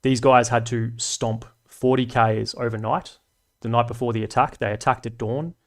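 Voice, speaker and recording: Aussie bloke in his 30s doing a relaxed live stream, slangy, swears a bit, middle pitch. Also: normal speed. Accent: Australian. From Australia. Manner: laid-back, chatty, slangy with frequent swearing. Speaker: livestream host. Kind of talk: casual livestream chat.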